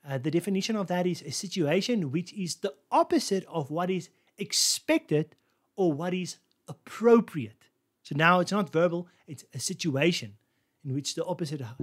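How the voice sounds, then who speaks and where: A man teaching a casual Bible lesson, relaxed, with frequent fillers, restarts and small laughs. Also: a little high.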